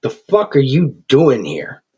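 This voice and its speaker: A man's voice: medium pitch, big pitch swings, a little slow, darkish tone, breathy edge, pitched above the performer's own voice. A man voicing a crude male gangster who swaggers, swears and threatens. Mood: sneering. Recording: dull lo-fi recording.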